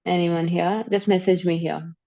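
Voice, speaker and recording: A woman with an Indian accent leading a live online class, energetic and coaxing, laughing along with her students. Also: on the low side, moderate pace, muffled recording. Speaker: yoga and breathwork instructor.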